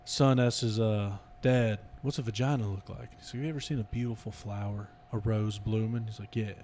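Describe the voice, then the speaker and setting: A man's voice: on the low side, steady tone, fairly quick, darkish tone, slight background noise. A man on a casual comedy podcast, telling crude jokes in a loose, laughing way. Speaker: podcast host.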